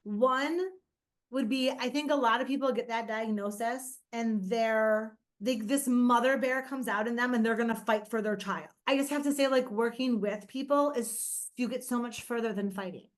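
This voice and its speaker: A woman guest on an interview, telling lively stories about raising her autistic son, laughing often and acting out quoted lines in casual chat. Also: fairly high pitch, moderate pace.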